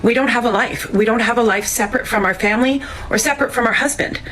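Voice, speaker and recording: A woman's voice: a little high, quick pace, a bit bright, rough recording. An older woman speaking to camera in a vlog, candid and emphatic. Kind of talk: vlog confession.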